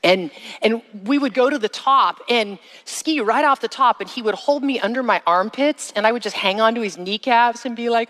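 A woman giving a sermon-style personal testimony, with slow, emphatic phrasing that rises to a high cry in the re-enacted moments. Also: fairly bright tone. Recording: long reverb of a large hall.

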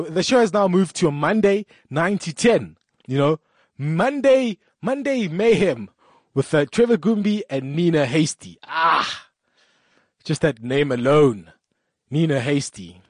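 A man's voice: on the high side, no room sound, clean studio sound. A male radio show host doing a rambling, joking promo. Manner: rambling, joking, laughs at himself. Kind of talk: promo talk.

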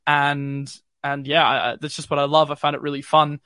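A young man with a light Australian accent chats casually on a livestream, his voice a touch higher than most men's. He talks loosely with plenty of fillers and answers comments as they come in, on a dry recording with no room sound. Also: flat delivery, normal speed, pushed and bright, no echo. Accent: mild city Australian. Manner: chatty, filler-heavy, reads viewer comments. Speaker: crypto livestream host. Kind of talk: casual live-stream chat. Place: home bedroom.

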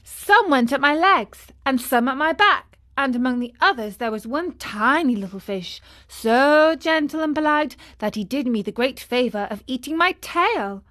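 A woman's voice: sits high, lively intonation, normal speed, few pauses, pushed and bright. A woman voicing a cheeky, cheerful wooden puppet boy in a storybook reading, teasing and playful. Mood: chatty. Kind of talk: audiobook character reading.

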